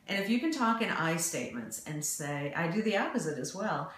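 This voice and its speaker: A woman's voice: lowish voice, animated, normal speed, few pauses. A woman co-hosting a relationship advice talk, explaining casually and acting out example phrases. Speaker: relationship video co-host. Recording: very echoey room.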